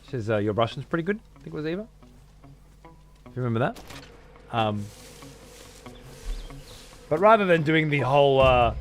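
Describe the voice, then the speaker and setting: A man's voice: medium pitch, very animated, normal speed, pauses often, faint music behind. A young man giving casual, profane commentary while playing a game and thanking viewers. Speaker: let's play streamer.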